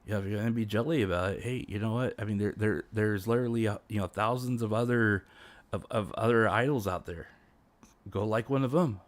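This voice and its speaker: A man's voice: on the low side, fairly quick, no echo. A man streaming as a VTuber, ranting casually with many restarts and fillers. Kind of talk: casual livestream rant.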